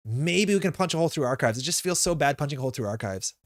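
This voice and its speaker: A man's voice: on the high side, animated, racing, no echo, studio quality. A man streaming a card game live, thinking his moves through aloud in a casual way with plenty of fillers. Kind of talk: live gameplay commentary.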